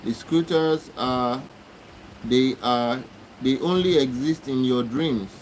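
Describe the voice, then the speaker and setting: A man's voice: medium pitch, slow, a little hiss or hum, low-quality recording. A man hosting a live stream, arguing with commenters in a repetitive, exasperated lecturing way. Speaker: livestream host. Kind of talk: live-stream talk answering chat comments.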